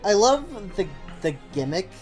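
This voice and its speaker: A woman co-hosts a relaxed podcast at a slow, unhurried pace. She jokes around and acts out characters' lines. Soft music plays in the background. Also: medium pitch. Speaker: podcast co-host. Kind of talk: casual chat.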